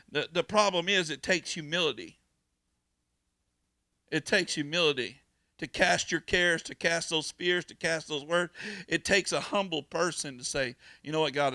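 A man preaches a sermon, his voice sitting high and gravelly. His tone is bright and forceful, and he swings from shouts to hushed pleas. The sound is dry and close, with no room around it. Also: no room sound. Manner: folksy storytelling with laughs. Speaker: pastor.

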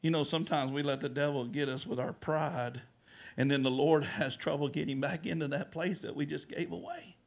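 A man preaching with a high, gravelly voice. He tells a story and acts out each side of the talk, dropping low and quiet, then climbing up loud. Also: fairly even intonation, brisk. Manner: storytelling preacher who acts out dialogue, swings from hushed to loud. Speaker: pastor. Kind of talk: sermon.

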